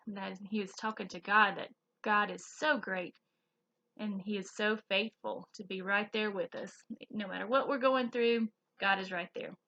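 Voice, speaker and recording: Southern woman, Sunday school teacher, slow and expressive with kids, dull lo-fi recording. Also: mid-range voice. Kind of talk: children's Bible lesson.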